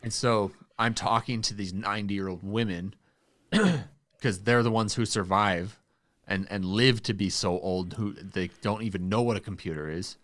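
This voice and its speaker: A man's voice: lowish voice, normal speed, a bit bright, no echo. A man co-hosting a podcast, chatting casually and telling a story animatedly, acting out the quoted voices and laughing along. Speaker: podcast co-host; phone line worker.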